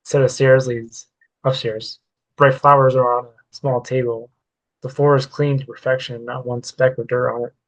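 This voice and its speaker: A man reads his unfinished story aloud in first person, the pitch held flat and even throughout. He reads plainly, now and then tripping on a word and correcting himself. It sounds like an author sharing a draft rather than a polished narration. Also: normal speed, low-quality recording. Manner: plain reading with occasional stumbles and self-corrections. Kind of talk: reading a work-in-progress story aloud.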